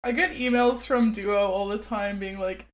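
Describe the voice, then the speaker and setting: A woman's voice: medium pitch, steady tone, normal speed. A woman in casual podcast chat, making wry asides and giggling.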